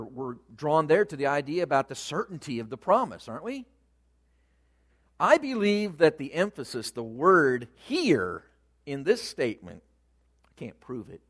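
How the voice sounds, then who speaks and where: A man preaching a sermon, speaking with animated emphasis that rises and falls in loudness. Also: a little high.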